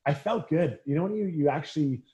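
A man's voice: on the high side, brisk. A middle-aged man, a former hockey player, telling casual anecdotes in an interview and acting out the quotes. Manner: animated anecdotes, acts out quotes. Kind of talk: casual storytelling.

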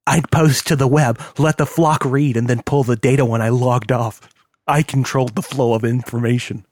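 A man's voice: medium pitch, fairly even intonation, darkish tone, dry recording, close to an everyday voice. A man putting on a furious heavyset hacker who hisses and rants, dragging out his bitter words and flaring into screams, voiced in a dry, close audiobook read. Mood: despairing. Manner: hissing, ranting, drawn-out bitter outbursts. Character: volatile heavyset male hacker, bitter, profane.

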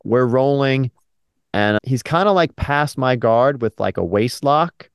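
A man co-hosts a casual podcast, spinning a story with plenty of swearing and sudden high, loud bursts whenever he acts out what someone said. His voice is smooth and clear at a middle pitch, and it sounds close and dry. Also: lively intonation, measured pace, dry recording. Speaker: podcast co-host. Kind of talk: casual chat, animated storytelling.

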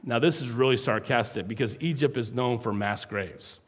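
A man preaching a sermon as a pastor, animated and acting out the voices of the people he describes. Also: mid-range voice, normal speed, in a large hall. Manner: animated, acts out quoted voices.

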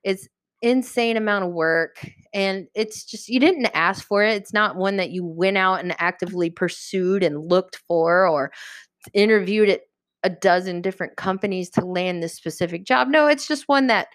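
A woman hosting a podcast, teaching a casual Bible study in a lively, chatty way and acting out the characters. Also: medium pitch, moderate pace, no echo, studio quality. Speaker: podcast host.

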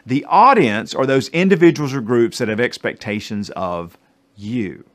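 A middle-aged man with a North Carolina accent delivers a motivational talk, his pitch rising and falling in wide, animated swings. He slips in small jokes and speaks straight to his listeners, chatty yet purposeful. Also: moderate pace. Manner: animated, jokey, addresses listeners directly. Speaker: keynote speaker. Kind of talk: motivational presentation.

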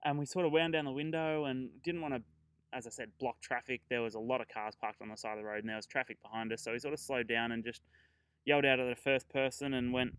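A man's voice: mid-range voice, fairly even intonation, brisk, fairly bright tone, clear, resonant tone, no room sound, poor audio. A man hosting a travel podcast, chatting casually and rambling through his trip stories with fillers and chuckles.

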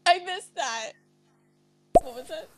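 A woman's voice: extremely high pitch, animated, slow pace, darkish tone. A woman co-hosting a casual podcast chat, giggly and teasing in her reactions. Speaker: podcast co-host.

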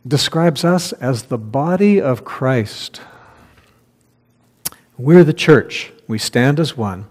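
A man's voice: medium pitch, a little mellow. A man preaching a conversational sermon as pastor, reading scripture aloud and laughing at his own slips. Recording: long hall reverb.

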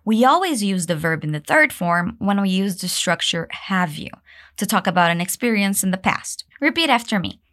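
A woman teaching an English pronunciation lesson, drilling phrases for learners to repeat and praising them warmly. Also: expressive, moderate pace. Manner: encouraging, drills repetition, pitch leaps on praise.

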